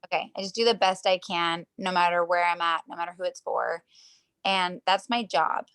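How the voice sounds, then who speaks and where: A woman's voice: fairly low pitch, fairly even intonation, moderate pace, a bit bright, smooth. A woman who works as a professional dancer, talking casually as an interview guest over a video call. She rambles through her stories, fills them with "like", and acts out what people said. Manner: rambling storytelling, heavy use of "like", acts out quotes.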